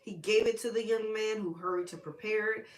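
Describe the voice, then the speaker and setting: A woman's voice: mid-range voice, fairly even intonation, fairly quick. A woman hosting a casual Bible study, who talks in a chatty, informal way with slang and side remarks. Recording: echoey room.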